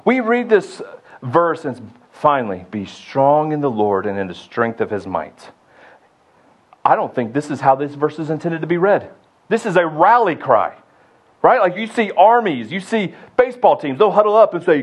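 Young adult male pastor, fairly high voice, sermon delivery swinging from booming rally cries to hushed asides. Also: sing-song, moderate pace, breathy edge. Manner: builds to loud rallying shouts, then drops low and intimate.

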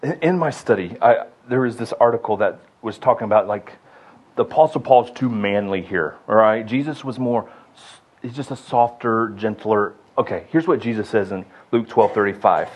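A young adult man preaching a sermon, building to loud rallying shouts and then dropping low and intimate. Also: expressive, normal speed, slightly rough. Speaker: pastor.

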